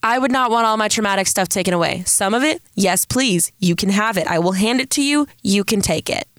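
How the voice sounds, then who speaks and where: A woman's voice: medium pitch, animated, fairly quick, a bit bright, dry recording, clean studio sound. A young woman from San Diego hosting a casual solo podcast, with a Valley girl-sounding voice, rambling and self-deprecating. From San Diego, California. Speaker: podcast host.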